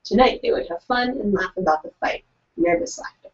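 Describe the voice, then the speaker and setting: A woman's voice: mid-range voice, big pitch swings, fairly quick, far from the mic. A young woman co-hosting a live online writing session, chatting casually and reading out excerpts in an upbeat, plain voice. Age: young adult. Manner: upbeat, reads quotes in a plain voice. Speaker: co-host of a virtual writing event. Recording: muffled, from away from the mic.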